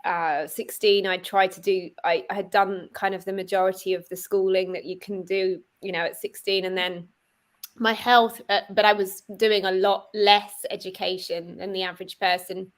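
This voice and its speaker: Woman, mid-pitched voice, guest speaker, affirming and chatty, video call. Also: steady tone, normal speed. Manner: warm, affirming, with frequent murmured agreement. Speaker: guest, angel therapist. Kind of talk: casual chat.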